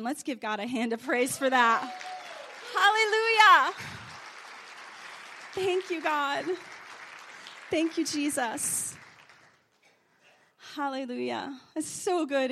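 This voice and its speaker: A woman preaching a sermon, telling stories and testimony, moving from hushed confession to loud praise. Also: on the high side. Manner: animated, swings from hushed confession to loud exclamations.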